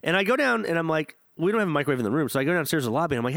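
Young male podcast co-host, quick and lively, swears freely, slightly higher voice, dry close sound. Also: gravelly, no room sound. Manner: rambling, profane storytelling. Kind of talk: casual chat.

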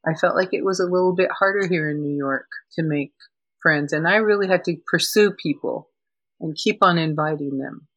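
An older woman, a podcast guest, telling animated stories in casual chat. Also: deep voice, normal speed, dry recording, highs cut off. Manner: animated storytelling with laughs.

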